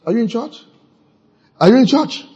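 Male preacher, husky and raised in pitch, reads verses and quizzes the congregation. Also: animated, moderate pace, dark tone, dull audio. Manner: questions the congregation and reads scripture aloud, rising to emphatic peaks. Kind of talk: call-and-response sermon.

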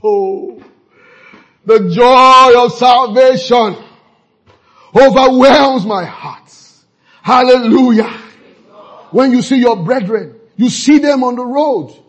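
A man preaching a sermon in church, calling out to the congregation and breaking into fervent shouts. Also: very high voice, slow, long pauses, husky. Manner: fervent preaching with call-and-response, bursting into shouts. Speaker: pastor. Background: congregation responding.

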